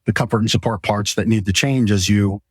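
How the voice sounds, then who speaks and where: Enthusiastic man pitching mattresses, dry sound. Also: fairly even intonation, fairly quick, slightly rough, no room sound. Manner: rambling, enthusiastic, pitches products. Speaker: podcast host and mattress store owner. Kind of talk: casual sales chat. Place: mattress store showroom.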